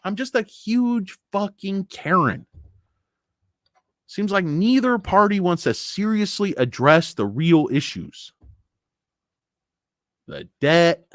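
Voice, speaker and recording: A man's voice: sits high, expressive, takes it slowly, long pauses, dry recording. A man hosts a livestream in a casual rant that wanders through asides and fillers. His voice swings widely up and down as he talks. His delivery is blunt and heavy with swearing, and the sound is close and dry. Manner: profane, blunt, opinionated; rambling with frequent fillers. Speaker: stock market show host.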